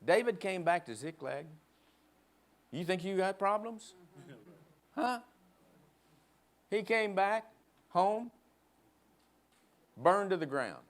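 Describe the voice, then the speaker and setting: A man preaching a sermon in a church, emphatic, leading the congregation in call-and-response and prodding them with quick asides. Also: sits high, animated. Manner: emphatic, prods the crowd with "huh?". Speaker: guest preacher. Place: church sanctuary.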